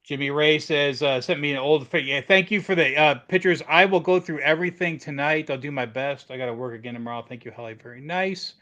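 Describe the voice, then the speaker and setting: A man with a slightly high voice hosts a casual live chat, telling old workshop stories. He wanders through them, loses his thread mid-sentence, then picks it back up. When he quotes coworkers he jumps into their voices. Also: brisk, hardly any pauses, highs cut off. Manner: rambling storyteller, trails off searching for words; acts out quoted lines with animated voices. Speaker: livestream host. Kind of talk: casual chat reading viewer comments.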